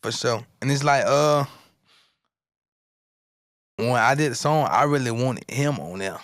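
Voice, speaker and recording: A man's voice: medium pitch, a little slow, a bit bright, dry recording. A young man from Florida, a rapper guest, talking in a laid-back, slangy way in an interview. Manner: laid-back, slangy, repeats "you know what I'm saying". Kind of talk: casual interview chat.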